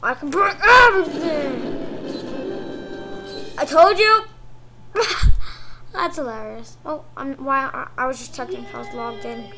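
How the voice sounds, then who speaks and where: A woman commentating on her own gameplay, excitable, cheering and shrieking at what happens on screen. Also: high-pitched, moderate pace, faint music behind, rough recording. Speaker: gaming commentator. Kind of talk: let's play commentary.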